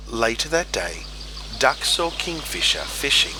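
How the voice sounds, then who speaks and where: Expressive man reading a children's book. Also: on the low side, slight background noise. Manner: expressive, slow storytelling. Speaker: storybook reader. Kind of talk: children's picture book read-aloud.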